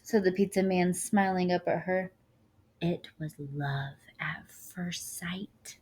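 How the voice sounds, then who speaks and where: A woman reading a picture book aloud with lively expression, dropping casual asides to her listeners. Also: lowish voice, slow, slightly rough. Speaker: storyteller.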